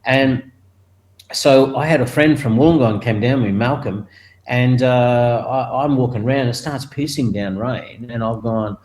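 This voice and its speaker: A man's voice: unhurried, low-quality recording. An older Australian man, a retired motorcycle racer, telling a story in an interview and acting out the other people's voices. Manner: animated, acts out other people's voices with raised pitch and laughs.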